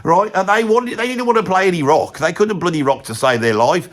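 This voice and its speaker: A comic presenter delivers a character monologue as a rambling, opinionated middle-aged bloke with a thick Birmingham accent, voiced by a man. His fairly high, natural voice moves at a fairly quick clip, saying "bloody" in every sentence while he gossips along and keeps dipping into hushed, conspiratorial asides.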